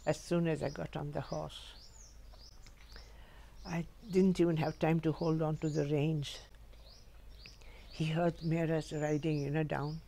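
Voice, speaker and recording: With a deep, gravelly voice, an older woman speaks a little slowly and leaves long pauses. At home, she tells funny stories from her life in a lively way, often laughing.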